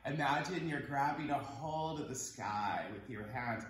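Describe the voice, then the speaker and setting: Slow, encouraging man leading kids yoga. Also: mid-range voice, echoey room. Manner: encouraging and playful, counts breaths. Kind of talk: guiding a kids yoga class. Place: home room.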